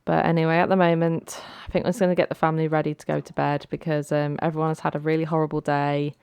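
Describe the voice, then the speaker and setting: A woman's voice: sits low, little pitch movement, fast talker, gravelly, darkish tone, clean tone, dry recording. A woman hosting a let's play, narrating the game's drama in a chatty, dramatic storytelling way. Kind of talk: casual gameplay commentary.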